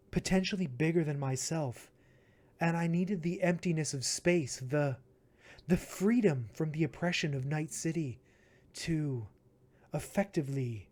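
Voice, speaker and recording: A man voicing a lofty, grandiose idealist artist who speaks in measured phrases. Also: a little high, darkish tone.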